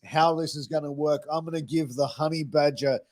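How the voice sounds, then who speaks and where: A man with an Australian accent hosts a podcast, chatting in a laid-back way full of swearing and fillers. His voice is a little high and a little mellow, with fairly even intonation and a fairly quick pace.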